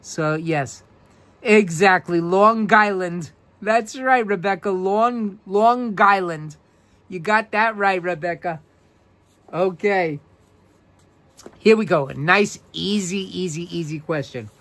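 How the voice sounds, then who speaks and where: Slow-talking New man hosting a live quiz. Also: high-pitched, fairly bright tone. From New York. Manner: upbeat, repeats questions and greets viewers by name. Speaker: live-stream host. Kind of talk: live-stream trivia quiz, reading viewer answers.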